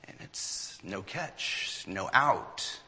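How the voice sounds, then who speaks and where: A man telling a story to an audience in an animated way, acting out what people said. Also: lowish voice, extremely slow, in a large hall, a little hiss or hum. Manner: animated storyteller, acts out quotes.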